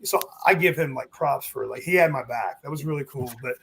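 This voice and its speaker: A man's voice: mid-range voice, a little fast, vocal fry, slightly rough. A man, a former wrestling referee, telling stories in a casual interview, acting out what others said to him. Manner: animated, acts out quotes with swearing and laughs.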